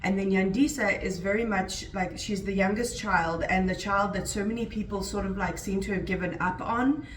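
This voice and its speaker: A woman's voice: mid-range voice, normal speed, hardly any pauses, echoey room, recorded from a distance, slight background noise, poor audio. A woman chatting casually as a book vlogger, rambling along with lots of "like" and "um". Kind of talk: casual vlog chat.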